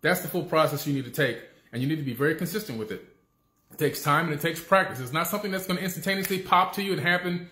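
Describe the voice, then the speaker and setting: A man's voice: a little high, fast talker, sharp tone. A man giving a casual, emphatic motivational talk that repeats its key points and keeps asking "okay?". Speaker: motivational speaker. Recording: echoey room.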